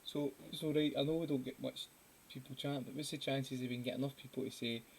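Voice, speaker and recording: A man's voice: medium pitch, steady tone, fast talker, a little mellow, low-quality recording. A Scottish man hosting a casual live drawing stream, chatty and giggly, hopping from topic to topic. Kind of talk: casual chat while drawing. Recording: faint hiss.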